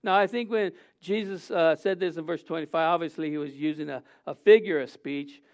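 High-voiced man preaching with rhetorical questions. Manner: rhetorical questions, halting with fillers. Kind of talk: informal sermon.

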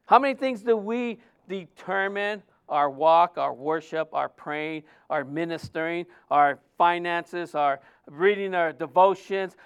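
A man preaching a sermon in a fairly high voice that stays smooth and resonant. He tells personal stories with animation and slips into other people's voices as he quotes them. He is a pastor of Mexican heritage. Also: unhurried, hardly any pauses.

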